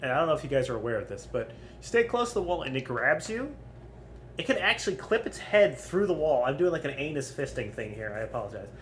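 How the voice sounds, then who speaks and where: A man's voice: on the high side, big pitch swings, quick pace, a bit bright, a little hiss or hum. A young man streaming, ranking game bosses in casual, rambling, profane commentary full of ums. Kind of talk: casual crude gaming commentary.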